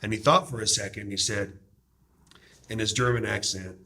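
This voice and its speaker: A man's voice: on the low side, steady tone, moderate pace, pauses often, sharp tone. A man hosting a discussion, speaking in a fervent, emphatic, preacher-like way. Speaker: host promoting a DVD series. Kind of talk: impassioned discussion.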